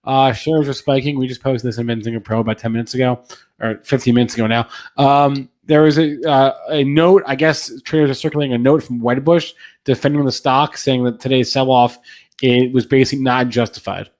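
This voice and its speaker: A man's voice: medium pitch, fairly even intonation, fairly quick, a little mellow. A man on a stock trading show relaying market headlines in casual chat.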